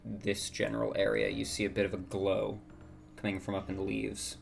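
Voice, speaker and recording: A man narrating as dungeon master in a tabletop game, halting with many fillers. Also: lowish voice, completely flat delivery, gravelly, soft background music.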